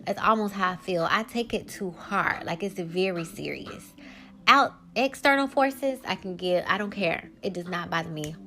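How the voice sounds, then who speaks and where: A woman's voice: on the low side, animated, normal speed, sharp tone, soft background music. Candid woman hosting a solo podcast. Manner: candid, emphatic, rambling. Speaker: podcast host.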